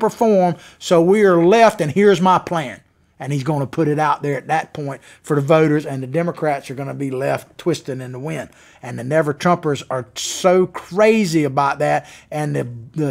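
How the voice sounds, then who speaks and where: A man hosting a political talk show, delivering opinionated commentary in a folksy, sarcastic way. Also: high voice. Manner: folksy, sarcastic, mocking impressions.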